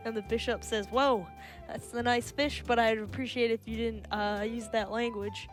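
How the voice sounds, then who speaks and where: Higher-voiced woman telling a joke. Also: steady tone, moderate pace, faint music behind. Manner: playful storyteller, doing little voices for each character. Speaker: stream co-host. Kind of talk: telling jokes aloud.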